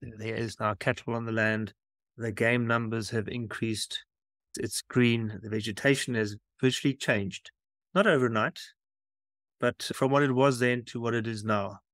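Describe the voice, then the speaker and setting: A man guest from South Africa answering calmly and reflectively in an interview. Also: medium pitch, measured pace, dry recording, studio quality.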